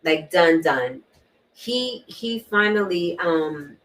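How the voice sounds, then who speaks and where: A woman hosting a talk show, sharing a personal story in an earnest way, repeating key words and often clearing her throat. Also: lowish voice, animated, takes it slowly. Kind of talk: personal testimony in a panel talk. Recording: distant mic.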